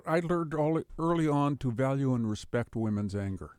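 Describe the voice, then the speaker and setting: A male storyteller talks in a halting way, restarting his sentences and turning lively when he retells a tale. His voice sits at a middle pitch, and the recording is close and dry. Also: no room sound. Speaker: storyteller guest. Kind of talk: interview with told stories.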